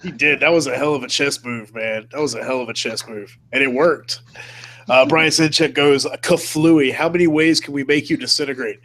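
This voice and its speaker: A man's voice: mid-range voice, moderate pace, fairly bright tone, a little hiss or hum. A man hosting a casual live-stream chat. He talks in a laid-back way, laughs often and keeps saying "man" and "dude". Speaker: host.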